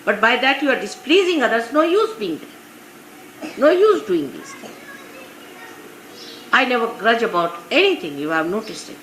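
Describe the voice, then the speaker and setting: Captured on a faintly hissing, echoey 1980s archive recording, a spiritual teacher from India addresses her followers informally in Indian English. She sounds a little high and fairly bright, speaking in a sing-song way at normal speed with long pauses, telling anecdotes and often saying "you see."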